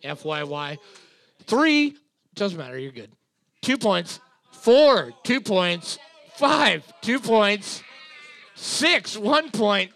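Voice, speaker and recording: A man's voice: sits high, sing-song, extremely slow, pauses often, a bit bright. A man co-hosting a bar trivia night, reading out scores and joking crudely with lots of swearing. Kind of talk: casual banter while scoring a music quiz.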